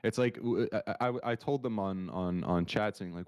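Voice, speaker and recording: A man co-hosting a market analysis livestream, talking in an animated, rambling way with many restarts. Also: lowish voice, moderate pace, clean tone. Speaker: market analyst stream co-host. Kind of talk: casual livestream chat.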